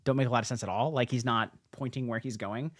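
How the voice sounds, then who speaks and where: A young man hosting a casual podcast, retelling old comic stories with lots of "like"s and quick restarts. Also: medium pitch, dry recording, clean studio sound. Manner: animated storyteller, many "like"s and restarts. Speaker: podcast host. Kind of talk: casual comic-history chat.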